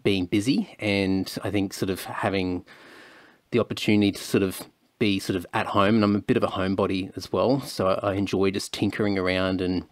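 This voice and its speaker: A man's voice: low voice, fairly even intonation, brisk, no echo. A man hosting a podcast, chatting casually and hedging with lots of fillers. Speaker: podcast host. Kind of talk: casual chat.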